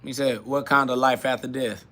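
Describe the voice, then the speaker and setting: Bright-voiced man mocking his chat. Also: medium pitch, steady tone, moderate pace. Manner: blunt, mocking, laughs often. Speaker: podcast host. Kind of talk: live solo podcast answering chat questions.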